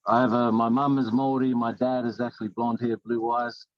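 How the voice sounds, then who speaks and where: A man's voice: mid-range voice, level tone, a little fast, dry recording, lo-fi sound. A middle-aged man from New Zealand with a New Zealand accent, a life coach talking earnestly in a casual interview, often restarting his sentences. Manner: earnest, rambling with many restarts.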